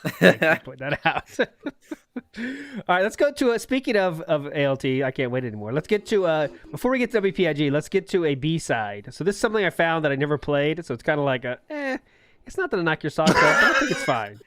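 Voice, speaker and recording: Male podcast host, lively pitch, chatty and giggly, dry close sound. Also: a little fast, no room sound. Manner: laughing, rambling, chatty. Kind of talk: casual chat.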